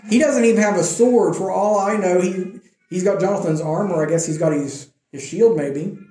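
A male preacher retells a scripture story in a relaxed, conversational sermon, his voice a little high but mellow and his pace moderate. He breaks into lively quoted lines, acting them out as he goes, and the room around him echoes.

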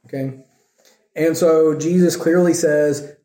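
A pastor delivering a sermon in an easy, conversational way, pausing often to check that his listeners follow. His voice sits a little high but sounds mellow. The recording is echoey, as in a church hall. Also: fairly even intonation. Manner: conversational teaching, checks in with frequent "okay?". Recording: echoey room.

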